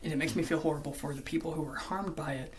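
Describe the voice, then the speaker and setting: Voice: medium pitch, quick pace, a little hiss or hum. Ranting vlogger, swears often. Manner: angry, swears often, swings between loud outbursts and hushed near-whispers. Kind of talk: ranting commentary vlog.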